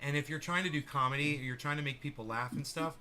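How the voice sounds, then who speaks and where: A man's voice: a little high, steady tone, fast talker, pushed and bright, slight background noise. A male podcast host chatting casually, rambling, laughing and swearing freely. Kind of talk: casual chat on a live audio room.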